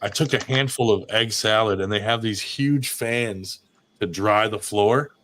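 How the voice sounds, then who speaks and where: Profane, animated male storyteller. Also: on the low side, unhurried, slight background noise. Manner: animated, swears a lot, acts out voices in his anecdotes.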